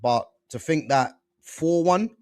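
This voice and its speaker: A man hosting a casual football chat show, animated and slangy, full of fillers and restarts. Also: on the high side, slow, no echo, clean studio sound. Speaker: football podcast host.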